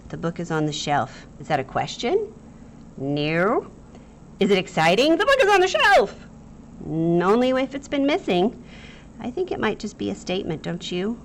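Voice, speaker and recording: A woman teaching young students in an animated, playful way, her voice rising and falling widely as she acts out the examples. She sits on the low side of the usual pitch for a woman. A faint noise runs underneath the recording. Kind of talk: online lesson for young students.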